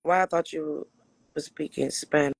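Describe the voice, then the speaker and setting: A man from Michigan with a raspy voice hosts a casual livestream, answering viewers' questions bluntly with frequent swearing and laughter. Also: a little high, steady tone, moderate pace, no echo. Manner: blunt, profane, laughs often. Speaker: livestream host.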